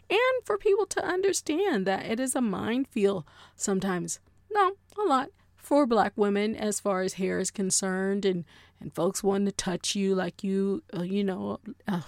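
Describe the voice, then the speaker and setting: A woman's voice: medium pitch, no echo, studio quality. Playful slangy woman podcast host. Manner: animated and playful, slangy, talks straight to listeners. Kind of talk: casual solo podcast monologue.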